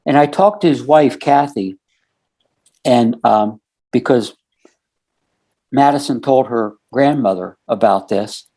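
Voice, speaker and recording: Middle-aged guy, warm mellow voice, earnest podcast storytelling, lots of "you know". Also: medium pitch, slow, long pauses. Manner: earnest, recounts conversations step by step. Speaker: podcast guest. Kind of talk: casual storytelling.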